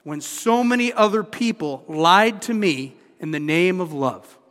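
A man's voice: high-pitched, expressive, unhurried, a bit bright. A man in his thirties preaching a sermon as pastor, conversational and full of rhetorical questions. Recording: long hall reverb.

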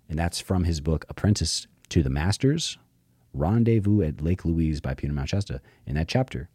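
Male host, deep voice, dry close sound, casual reader-commentator with profane asides. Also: expressive, moderate pace, mellow, breathy edge, dry recording. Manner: reads passages aloud and comments, profane asides. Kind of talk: casual commentary reading from a spiritual book.

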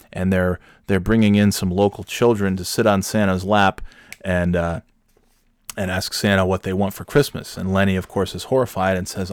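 A man telling a comic story recap in a rambling, hesitant, deadpan way. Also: low voice, no echo, clean studio sound.

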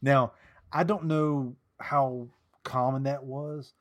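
A man's voice: medium pitch, fairly even intonation, takes it slowly. A man co-hosting a podcast in casual chat, a Civil War reenactor who jokes around and explains old gear step by step.

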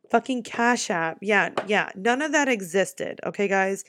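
A young woman from the United States telling a personal story to her viewers in a casual vlog, animated and quick, swearing freely. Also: mid-range voice, no room sound. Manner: animated, swearing, talks fast in bursts. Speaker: vlogger.

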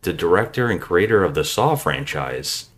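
A man's voice: low-pitched, very animated, fairly bright tone. A man hosting a podcast in casual, jokey chat with friends. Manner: jokey, quick banter. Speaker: podcast host.

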